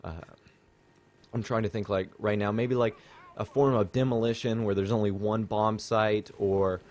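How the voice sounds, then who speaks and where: A young man talks over his gameplay footage in a loose, rambling way, full of fillers and asides. His voice sits a little low. He sounds like a regular channel host chatting with his viewers. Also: fairly even intonation, moderate pace, darkish tone. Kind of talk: gameplay commentary.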